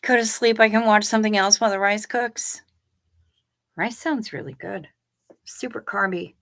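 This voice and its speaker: A woman with a bright, clear tone talks casually to her viewers from her chair at home. She rambles along and often trails off. She is a little sleepy and keeps yawning. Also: mid-range voice, fairly even intonation, normal speed. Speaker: livestream host. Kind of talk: casual livestream chat with viewers.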